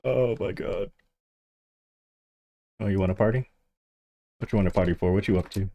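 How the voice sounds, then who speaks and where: A man's voice: deep voice, moderate pace. A man streaming a game, chatting casually and animatedly to the players with him. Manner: animated, yelps and laughs, chats to other players.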